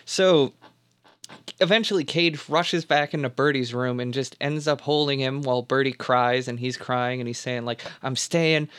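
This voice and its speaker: A man's voice: medium pitch, fairly even intonation, normal speed, a bit bright, clean tone. A man co-hosting a podcast, recapping a film plot in a loose, rambling way with lots of fillers. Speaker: podcast co-host. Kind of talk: casual film recap chat.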